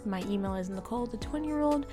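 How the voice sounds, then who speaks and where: A woman's voice: fairly high pitch, animated, fast, over music. A young woman hosting a podcast, telling a personal story in a frank, confessional way and swearing freely. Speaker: podcast host.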